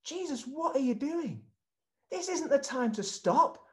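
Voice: high-pitched, expressive, a bit bright, voice pushed up. A preacher voicing an impatient follower in the crowd who urges someone to hurry on. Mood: urgent. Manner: urgent, pleading, hurried.

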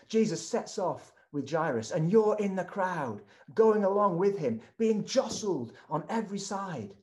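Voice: mid-range voice, a little mellow. A preacher giving a sermon as a vivid retelling that addresses the listeners directly.

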